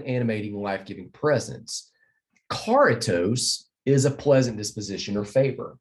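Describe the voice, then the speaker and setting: A man's voice: fairly low pitch, moderate pace. A man teaching a recorded Bible lesson, explaining verses earnestly and repeating key phrases as he walks through slides.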